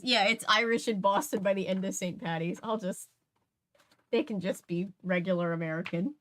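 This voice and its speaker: A woman's voice: mid-range voice, moderate pace. A woman reading a mystery novel aloud at home, chatty, stopping to correct herself and add asides. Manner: chatty, laughs, restarts, self-corrects. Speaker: book reader. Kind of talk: casual read-aloud with asides.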